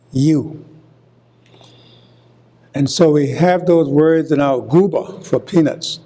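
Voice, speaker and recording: An older man from Hilton Head Island with a Gullah accent, giving a university lecture deliberately and repeating example words as he explains. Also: fairly high pitch, mellow. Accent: Gullah, coastal South Carolina. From Hilton Head Island, South Carolina. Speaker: guest lecturer.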